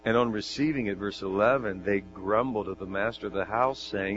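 A man preaching a sermon, reading scripture with animated, jokey asides and rhetorical questions. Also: fairly low pitch, normal speed. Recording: dull lo-fi sound with mains hum.

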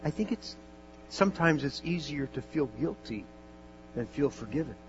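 A man voicing a calm, noncommittal female hospital chaplain who speaks softly and hedges. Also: a little high, normal speed. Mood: soothing. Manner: soft, gentle, hedging. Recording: dull lo-fi with mains hum.

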